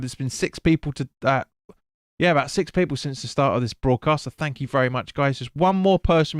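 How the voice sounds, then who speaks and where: A man talks through a live football match for his stream, loose and chatty, tripping over names and swearing now and then. His voice is smooth and clear at a middling pitch. The close microphone gives a dry sound with no room around it. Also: no room sound. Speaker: fan stream host. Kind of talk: live football watch-along commentary.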